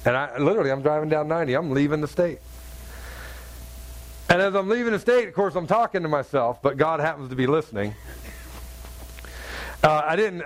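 Man, middle-aged, preacher, sermon, animated storyteller, acts out voices, fairly high voice.

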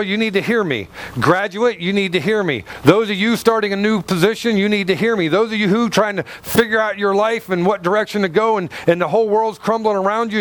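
A male pastor preaching a sermon in a lively, conversational way, calling out to the congregation. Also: high-pitched.

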